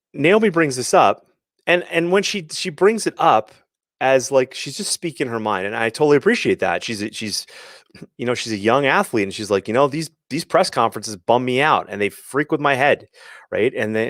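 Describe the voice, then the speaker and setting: A man with a somewhat low voice talks loosely on a live sports stream. He rambles, restarts his sentences and acts out quick quotes. The sound is dry and close to the mic. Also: no echo. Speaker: host of a sports parenting show. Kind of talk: casual live-stream talk.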